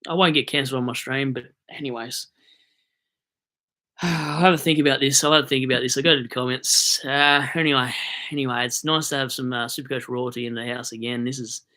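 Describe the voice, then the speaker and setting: Young man, Australian accent, bright forceful voice, rambling, jokey live-stream chat. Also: medium pitch. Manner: rambling, jokey, hyped on coffee. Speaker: fantasy football live streamer.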